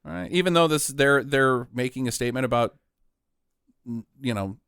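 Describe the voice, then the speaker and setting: A man's voice: medium pitch, lively intonation, normal speed, a bit bright, smooth, no echo, studio quality. A man hosting a casual chat, leading the questions and joking, laughing often. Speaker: podcast host.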